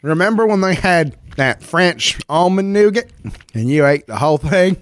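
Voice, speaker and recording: Teasing male co-host, lively pitch, close dry mic, casual tasting chat. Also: normal speed, no room sound. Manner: wry, playful, teasing. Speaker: podcast co-host. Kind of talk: casual chat while taste-testing candy. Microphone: studio microphone.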